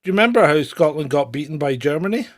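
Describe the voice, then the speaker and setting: A man's voice: a little high, expressive, fast. A man hosting a casual commentary chat, laughing often and swearing freely. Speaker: host.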